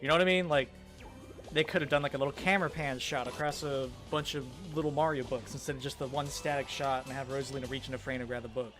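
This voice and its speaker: A man's voice: medium pitch, fairly even intonation, quick pace. A man co-hosting a game mod stream, rambling casually with frequent laughs and casual swearing. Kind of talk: casual let's-play commentary. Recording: faint music in the background.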